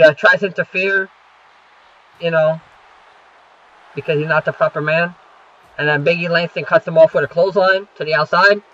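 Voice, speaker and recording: Young guy, casual swearing recapper, fillers galore; slightly high, dull home mic. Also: sharp tone. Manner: rambling, many fillers and profanity. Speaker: wrestling show recapper.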